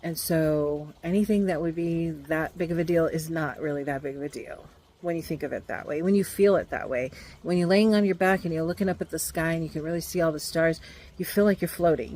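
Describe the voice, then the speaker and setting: Tarot reader, female, somewhat low pitch; halting, reflective delivery full of fillers. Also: darkish tone, a little hiss or hum, low-quality recording. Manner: hesitant and musing, many fillers. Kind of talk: casual tarot card reading.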